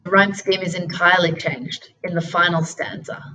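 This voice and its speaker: A woman narrating a poetry lesson as a teacher, in a deliberate, instructional way. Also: fairly low pitch, little pitch movement, sharp tone, poor audio. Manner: slow, deliberate instructional delivery.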